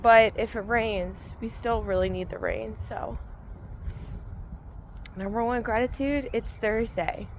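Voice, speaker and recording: A woman's voice: fairly high pitch, slow pace, long pauses, slight background noise, rough recording. Woman chatting casually on an outdoor walk. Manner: relaxed, rambling, thinking aloud. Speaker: vlogger and mindset coach. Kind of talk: casual spoken gratitude journal.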